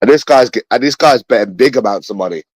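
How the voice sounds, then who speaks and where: A man's voice: mid-range voice, quick pace, dry recording, low-quality recording. A man with a London accent, talking to his viewers in a rambling livestream monologue. He sounds bitter, repeats himself and swears often.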